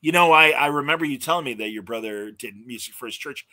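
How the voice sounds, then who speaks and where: A man's voice: medium pitch, quick pace, pushed and bright, dry recording. A man hosting an interview podcast in a genial, casual way, with plenty of uh fillers.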